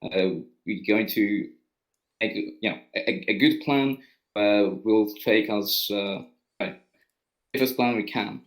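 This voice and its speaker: A man's voice: lowish voice, takes it slowly, low-quality recording. A man playing a tabletop game, speaking hesitantly with many fillers. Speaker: player.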